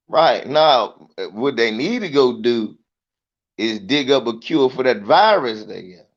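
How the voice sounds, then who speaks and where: Profane guy doing stand-up bits, slow and drawn out, muffled lo-fi sound. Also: mid-range voice. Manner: profane, animated, mimics voices. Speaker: comedian. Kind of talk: stand-up storytelling.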